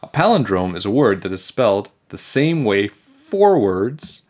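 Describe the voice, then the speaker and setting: A man voicing a bossy, know-it-all girl who shouts at grown-ups. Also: on the low side, very animated, a little slow. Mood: bossy yelling.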